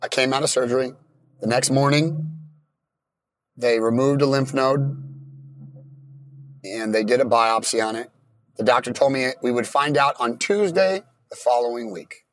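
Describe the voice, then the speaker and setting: A man telling his own story in plain, halting casual talk, often restarting his sentences. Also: mid-range voice.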